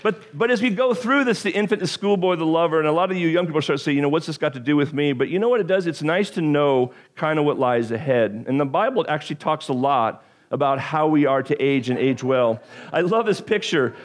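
A male pastor with a slightly higher voice preaches with animated, joking energy. He tosses in self-deprecating asides and often trips over his words and starts again. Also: fairly quick. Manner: frequent stumbles and restarts. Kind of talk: sermon.

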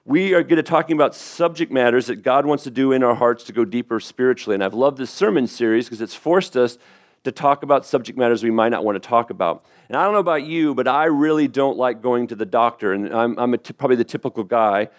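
A man's voice: medium pitch, fast talker. Middle-aged male pastor, sermon, chatty storytelling, restarts and asides.

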